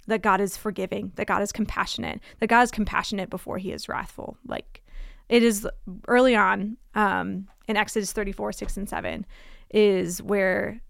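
Woman, relaxed Bible chat, gravelly tone, dry close sound. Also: mid-range voice, no room sound. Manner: conversational, many fillers like "like" and "um". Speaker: Bible discussion speaker. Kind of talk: casual Bible discussion.

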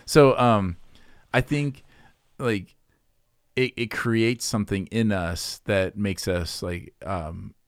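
A man talking through faith and confession in an unhurried conversation, reflective and full of small restarts. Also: on the low side, no room sound, studio quality. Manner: thoughtful, reflective, many restarts.

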